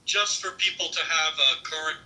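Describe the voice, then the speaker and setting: A man's voice: fairly high pitch, moderate pace, pushed and bright, far from the mic, low-quality recording. A man from California in a casual political chat, joking in a provocative way.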